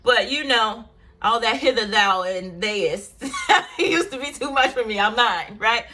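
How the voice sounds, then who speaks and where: A woman speaks straight to her viewers with a bright, forceful tone, recounting something personal. She talks candidly and emotionally, circling back with fillers as she goes. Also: fairly high pitch, animated, a little slow. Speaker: vlogger. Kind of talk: personal storytelling to camera.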